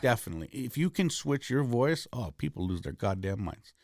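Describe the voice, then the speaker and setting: Man, comedian guest, mid-pitched voice, profane storyteller, dry studio sound. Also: sing-song, brisk, darkish tone, no room sound. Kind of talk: candid podcast conversation. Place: recording studio.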